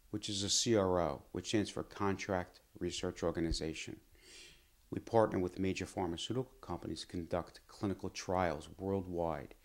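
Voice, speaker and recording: A middle-aged doctor tells his own story in a measured, earnest way. His voice sits very low and deep. He speaks reflectively, like someone looking back on a lesson he has lived by. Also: darkish tone. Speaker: physician and pharma executive. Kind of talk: personal storytelling to camera.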